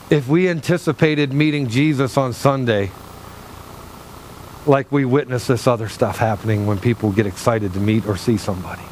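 A male pastor preaching a sermon from a low stage in a church, animated and joking with the congregation. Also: moderate pace, slight background noise. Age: older than 37. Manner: animated, humorous, talks straight to the congregation.

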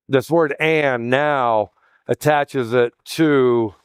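A man's voice: medium pitch, slow pace, clean tone, dry recording, studio quality. A man preaching a sermon as pastor, teaching in a chatty way, calling his listeners "guys" and often restarting his sentences.

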